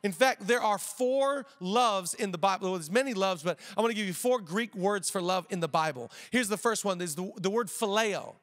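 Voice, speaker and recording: Man, pastor, middle-aged, high voice, conversational sermon, repeats phrases, church hall echo. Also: moderate pace, hardly any pauses, fairly bright tone. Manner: conversational preaching with repetitions and jokes. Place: church auditorium.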